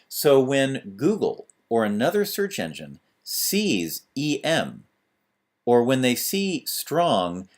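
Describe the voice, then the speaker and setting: A man teaching a screencast lesson on web pages, talking through each step as he types, with fillers. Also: medium pitch. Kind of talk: screencast tutorial.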